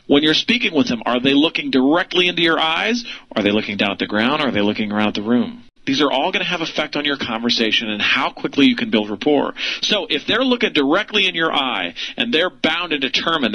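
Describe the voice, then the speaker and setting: Man, real estate trainer, animated pitch, slightly high voice, rhetorical questions. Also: low-quality recording. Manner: lively, rhetorical questions, frequent light laughs. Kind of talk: instructional video lesson.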